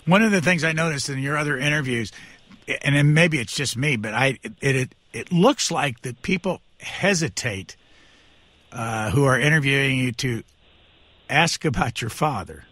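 Bright-voiced male interviewer, dry studio. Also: medium pitch, expressive, moderate pace, dry recording. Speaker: podcast interviewer, host. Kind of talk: interview questions.

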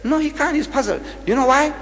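A man's voice: on the high side, sing-song, a little fast. An older man giving a public lecture, hammering home points with repeated rhetorical questions. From South Africa. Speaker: religious debater. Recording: echoey hall recording.

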